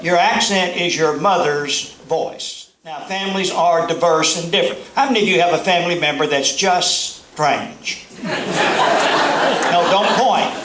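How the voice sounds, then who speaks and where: A man's voice: sits high, animated, unhurried, a bit bright, reverberant, slight background noise, rough recording. Middle-aged Southern man joking on stage. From American South. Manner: folksy, joking with audience. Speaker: motivational speaker. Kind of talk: humorous keynote speech. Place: large hall before a live audience.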